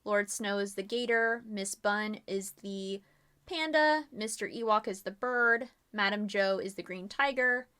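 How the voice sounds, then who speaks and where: A woman's voice: medium pitch, a little slow, pushed and bright, smooth. A woman streamer narrating a murder mystery game live, in a chatty style with many fillers.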